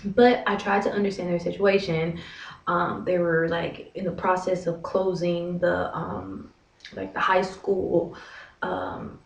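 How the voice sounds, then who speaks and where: Recorded from a distance in an echoey, windowless little apartment, this American vlogger in her twenties talks casually to camera about teaching English in Korea. She speaks slowly in a lowish, level voice with vocal fry, yet she's chatty and dramatic and fills her talk with fillers.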